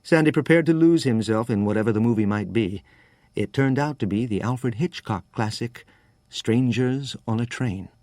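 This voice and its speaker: This is scripted audiobook narration by a man with a mid-range voice. He tells the story at an even, measured pace, and the sound is dry.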